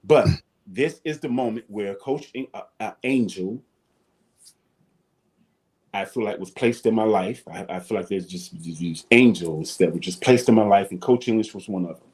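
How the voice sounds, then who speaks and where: Man spinning animated stories. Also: lowish voice, normal speed. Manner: animated storyteller, acts out his coaches and shouts. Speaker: guest, former football player. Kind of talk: storytelling in a talk-show interview.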